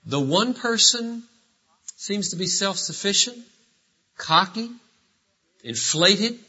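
A man preaching a sermon, emphatic and full of rhetorical questions, with sudden swings between loud and quiet. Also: sits high, animated, husky. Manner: rhetorical questions, drawn-out phrases. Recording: dull lo-fi sermon recording.

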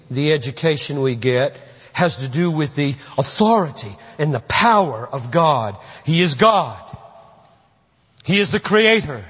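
Husky guy preaching, gets fervent, big hall echo, muffled lo-fi sound. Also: medium pitch. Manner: earnest, swells to fervent emphasis. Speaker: pastor. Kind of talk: sermon. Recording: dull, lo-fi recording in a reverberant hall.

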